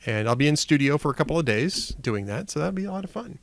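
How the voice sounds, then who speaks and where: Chatty Midwestern man, higher voice. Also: very animated, fast, no room sound. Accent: Upper Midwestern. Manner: chatty, jokey, many restarts. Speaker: podcast host. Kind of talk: casual political talk show.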